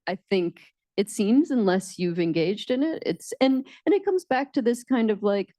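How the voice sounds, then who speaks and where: Mellow reflective American woman. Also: mid-range voice, lively intonation, moderate pace, no room sound. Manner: reflective, lots of soft backchannel murmurs. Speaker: writer and co-teacher at a panel talk. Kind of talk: casual onstage conversation.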